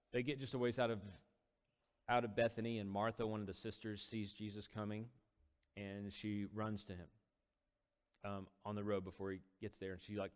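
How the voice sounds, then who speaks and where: A man's voice: lowish voice, smooth, in a large hall. A man casually retelling a Bible story as a teacher, conversational with quoted dialogue. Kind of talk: casual Bible study talk.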